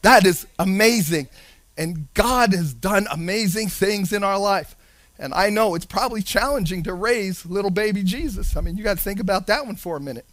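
A man preaching a sermon with animated delivery, acting out Bible characters in playful voices. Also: high-pitched, normal speed, no room sound. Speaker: pastor.

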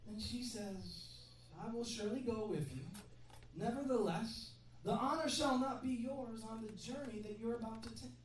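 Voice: medium pitch, normal speed, slight background noise. Brief: chatty, joking preacher mid-sermon, far from the mic in a very reverberant hall with faint ambience. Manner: conversational, joking asides to the congregation.

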